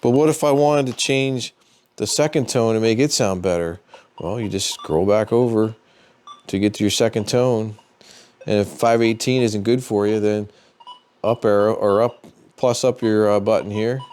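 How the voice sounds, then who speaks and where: Low-voiced man giving a casual how-to. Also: moderate pace, slight background noise. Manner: relaxed, plain-spoken, thinking aloud with fillers. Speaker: metal detecting channel host.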